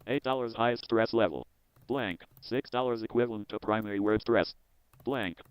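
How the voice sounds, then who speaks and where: A man hosting his own video, reading a technical software manual aloud in a measured, word-by-word way with small restarts. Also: fairly low pitch, clear, resonant tone, no echo, rough recording. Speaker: host.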